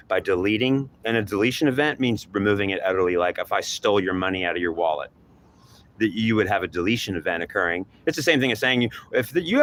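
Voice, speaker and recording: A man's voice: on the low side, fairly bright tone. A man talking in a rambling monologue, repeating himself and acting out imagined back-and-forth dialogue.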